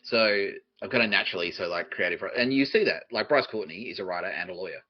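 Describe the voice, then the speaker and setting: A man's voice: deep voice, animated, fast, highs cut off. An Australian man hosting a podcast, answering listener questions in a rambling, profane way and laughing often at himself. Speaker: podcast host.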